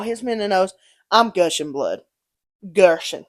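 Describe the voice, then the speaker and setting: A woman's voice: mid-range voice, a little slow, no room sound, clean studio sound. A woman co-hosting a podcast, telling stories in casual chat, swearing freely and acting out quotes. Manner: animated storytelling, swears freely, acts out quotes. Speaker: podcast co-host.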